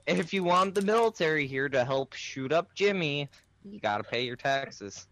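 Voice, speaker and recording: A man's voice: on the high side, lively intonation, normal speed, a bit bright, rough recording. A man playing a tabletop game, chatting casually in a dry, matter-of-fact way. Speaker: player.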